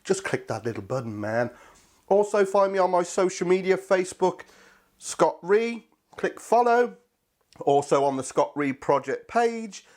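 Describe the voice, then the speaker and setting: A man's voice: high voice, animated, unhurried, darkish tone. A man hosting a casual cooking video, chatty and enthusiastic, talking to viewers as his friends. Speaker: cooking channel host.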